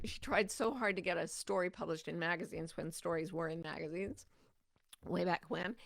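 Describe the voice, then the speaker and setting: A woman's voice: medium pitch, vocal fry, fairly bright tone, no room sound, studio quality. A middle-aged woman hosting a podcast, talking through her thoughts in a reflective monologue and acting out her own inner voice with animation. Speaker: podcast host.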